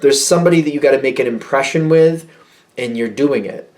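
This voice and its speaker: A man giving a casual tarot reading, rambling and correcting himself, getting excited as he talks. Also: medium pitch, a little fast. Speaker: tarot reader.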